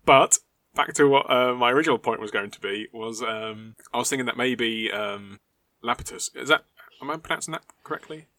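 A man's voice: mid-range voice, a little fast, pushed and bright, no echo. A man chatting on a podcast, rambling with many fillers and hesitations. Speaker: podcast co-host. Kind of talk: casual chat.

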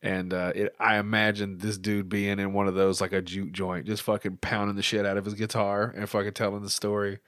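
A man's voice: on the low side, little pitch movement, brisk, hardly any pauses, a bit bright, no echo, studio quality. A man hosting a casual reaction chat, joking and swearing freely. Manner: profane, laughing banter.

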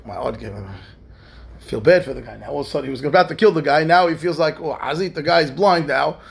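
A man's voice: on the high side, animated, normal speed, gravelly. A man, a rabbi, telling a story in a lesson and acting out the characters' lines in raised voices. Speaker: rabbi teaching a class.

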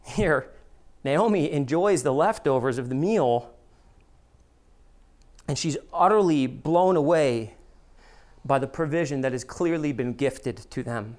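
A pastor preaching a sermon, who acts out quoted voices in a higher pitch and drops to a soft, low voice for earnest appeals. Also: expressive, a little slow, pauses often.

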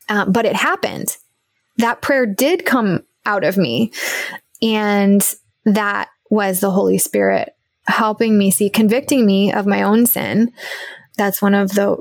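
A young adult woman speaking earnestly and reflectively in a candid faith conversation, with soft laughs and a teary edge. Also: medium pitch, gravelly, no room sound.

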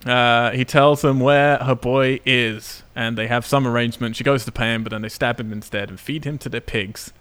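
A man recaps a film plot in a relaxed podcast chat. He sounds excited and laughs as he goes. His pitch sits in an ordinary middle range for a man. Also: moderate pace, few pauses, clear, resonant tone. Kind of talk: casual chat.

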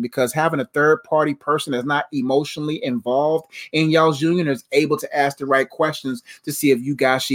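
Earnest preachy man on a live stream. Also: on the high side. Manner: earnest, preachy, repetitive phrasing. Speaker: Christian life coach.

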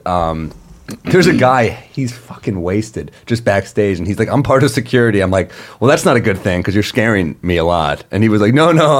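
A man co-hosting a podcast, telling a comedy story and acting out the people in it. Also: low-pitched. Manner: animated, acts out voices in stories. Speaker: comedian co-host. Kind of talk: casual storytelling.

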